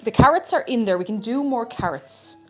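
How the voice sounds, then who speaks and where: A woman's voice: a little high, animated, fairly quick, darkish tone, faint music behind. An Irish woman streaming casually while she cooks, chatty and a bit scatterbrained, humming little tunes between thoughts. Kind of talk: casual live-stream chat while cooking.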